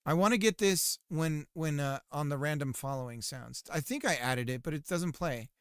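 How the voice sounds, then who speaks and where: A man's voice: on the high side, moderate pace, a bit bright, smooth. A man streaming live while working on his game, chatting casually and teasing his viewers. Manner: joking, teasing his chat.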